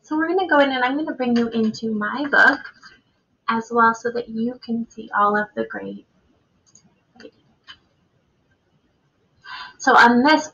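A woman teacher giving a reading lesson for children, reading a picture book aloud with expression and pausing to ask questions. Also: on the high side, creaky, a bit bright, slightly rough, highs cut off.

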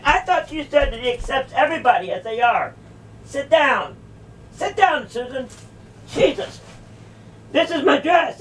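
A woman in a heated confrontation in a church, incredulous and repeating her questions again and again. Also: high-pitched. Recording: voice distant from the mic.

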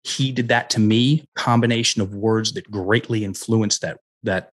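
Husky-voiced man telling stories. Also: on the low side, moderate pace. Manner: animated, acts out his stories' dialogue. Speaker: guest, personal development coach. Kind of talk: storytelling in a podcast interview. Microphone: headset.

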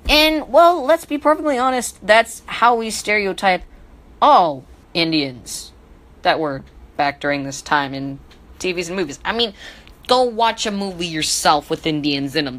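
A woman's voice: mid-range voice, sharp tone, low-quality recording. A woman teaching history in a casual podcast, full of joking self-deprecating asides and stumbling over hard names.

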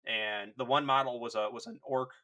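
A man's voice: medium pitch, moderate pace, pushed and bright. A man co-hosting a podcast in casual chat, rambling along with jokes and restarts. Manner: rambling, hesitant restarts, jokey. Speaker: podcast co-host.

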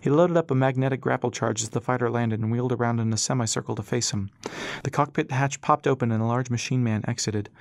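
A man reading an audiobook as narrator, in a steady storytelling manner. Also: mid-range voice, fast, dry recording.

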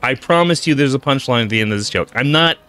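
Man, comic storyteller, rambling, stammering, lively swinging pitch, faint music behind. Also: quick pace, smooth. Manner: digressive, stammering, self-interrupting. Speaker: comedian telling a shaggy-dog joke.

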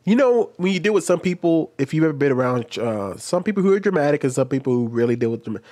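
A man with a highish, dark-toned voice talks fast and very animatedly while hosting a casual reaction video. Sitting close to a desk microphone, he rambles loosely with restarts.

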